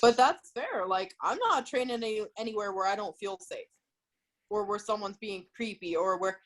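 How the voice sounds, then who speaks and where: A woman's voice: medium pitch, animated, moderate pace, a little hiss or hum. A woman co-hosting a casual chat, frank and swearing casually. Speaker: podcast co-host.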